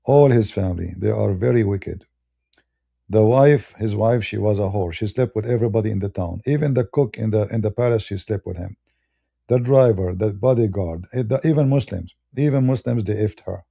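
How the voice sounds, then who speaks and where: A man's voice: lowish voice, a little fast, vocal fry, mellow. A man from the Middle East with a Middle Eastern accent, delivering a blunt, scornful monologue in broken English. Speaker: debater. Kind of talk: heated ranting monologue.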